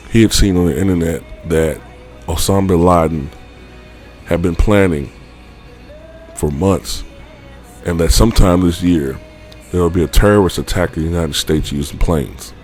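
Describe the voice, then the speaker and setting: A man's voice: low-pitched, darkish tone. A man vlogger telling a personal story in a rambling, casual way, full of fillers and offhand swearing.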